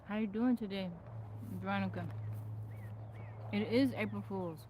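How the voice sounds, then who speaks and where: A woman's voice: mid-range voice, normal speed, long pauses, dark tone, slight background noise, rough recording. Chatty woman greeting stream viewers. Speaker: livestream host. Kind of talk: casual live-stream chat with viewers. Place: rural home in the woods.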